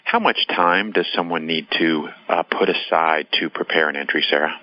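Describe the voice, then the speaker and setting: A man's voice: low-pitched, normal speed, lo-fi sound. A man hosting a podcast interview, speaking conversationally with some stumbles and repeated words. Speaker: podcast host.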